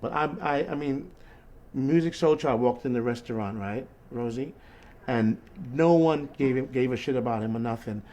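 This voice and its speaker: The host of this relaxed call is a man whose medium-pitched voice moves at normal speed. He rambles energetically about his days as a street musician and repeatedly asks "you know what I mean."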